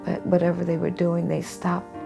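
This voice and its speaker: With music playing beneath her, a woman on the low side of the range speaks at a moderate pace in a monotone with vocal fry. She is being interviewed at home for a documentary, telling a personal story earnestly and heartfeltly, and goes sing-song when quoting others.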